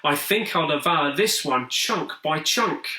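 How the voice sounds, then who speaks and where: A man puts on a greedy, grumpy nose-eating monster for a storybook reading. The voice is shrill and whining, jumping high with every complaint. It sounds roomy and a little distant from the mic. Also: lively intonation, unhurried, bright, forceful tone, heavily acted.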